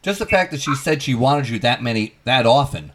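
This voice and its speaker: A man's voice: mid-range voice, lively intonation, brisk, background noise. A man hosting a casual interview, who playfully acts out quoted lines. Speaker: host.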